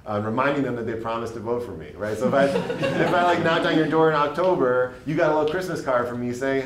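A man's voice: a little high, lively intonation, quick pace, hardly any pauses, a crowd in the background. A man, a state legislator answering at a panel in an earnest, rambling way, full of fillers. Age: late 20s. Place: public panel event room. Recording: echoey room, faint background noise.

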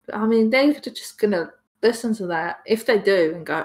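A woman's voice: medium pitch, lively intonation, normal speed, hardly any pauses, a little mellow. A woman co-hosting a gaming podcast, teasing her co-host in casual chat. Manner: teasing, joking.

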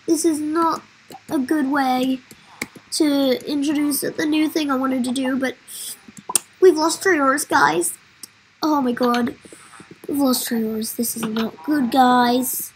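High-voiced woman hosting a game playthrough. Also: a little slow, a little hiss or hum, low-quality recording. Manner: melodramatic, talks straight to viewers. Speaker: gaming channel host. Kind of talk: casual let's-play commentary.

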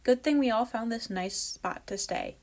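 A woman's voice: on the high side, moderate pace, darkish tone, pitched above the performer's own voice, close to an everyday voice. A woman voicing a firm mother squirrel. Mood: motherly.

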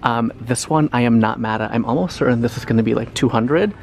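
A young man talking through a shop-with-me vlog in a home decor store, chatty and animated with dramatic reactions. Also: medium pitch, fairly quick, vocal fry, slight background noise. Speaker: lifestyle vlogger.

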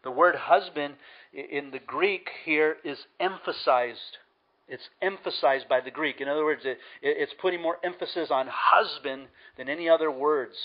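A man's voice: fairly high pitch, normal speed, lo-fi sound. A man preaching a sermon as pastor, earnest and emphatic, repeating key words for stress.

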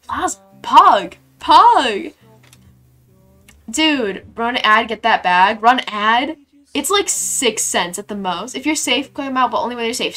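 A bubbly young woman streams herself building in a game, chatting playfully with her viewers and thanking them warmly. Her voice sits a little high and sounds bright and crisp, with soft music playing faintly behind her. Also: lively intonation, slow pace. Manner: bubbly, gushing thanks to chat, playful slang. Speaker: live streamer. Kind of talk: casual live-stream chat while building in a game.

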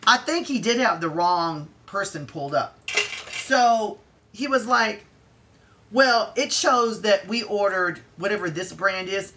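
Bright-voiced woman ranting. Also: medium pitch, measured pace, slight background noise. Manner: exasperated, animated retelling with quoted dialogue; conversational with fillers and restarts. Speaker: vlogger. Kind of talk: storytime rant.

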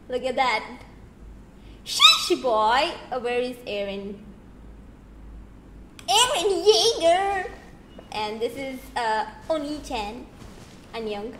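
Bright, lively young woman streamer. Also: high-pitched, echoey room, a little hiss or hum, poor audio. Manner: playful, teasing, excitable exclamations. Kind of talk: casual gameplay commentary.

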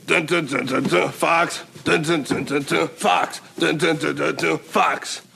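A high, gravelly, bright-toned cartoon fox mascot, sing-song hype, old TV sound from afar. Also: male voice, fairly even intonation, a little slow, a little hiss or hum, full character voice. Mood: hyped. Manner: chants jingles, hypes the network. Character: perky male cartoon fox network mascot.

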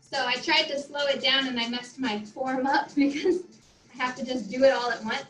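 Her voice is high, steady and fairly bright at a normal speed, but the audio is poor and reverberant, with faint music in the background. She's a fitness instructor exercising while she leads a class, out of breath, encouraging people and counting down reps.

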